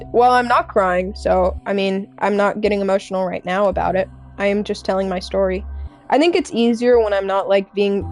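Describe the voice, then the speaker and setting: A young adult woman streams live, chatting casually with viewers in a candid, earnest way. She halts often with fillers and restarts, speaking in a medium-pitched voice with a darkish tone.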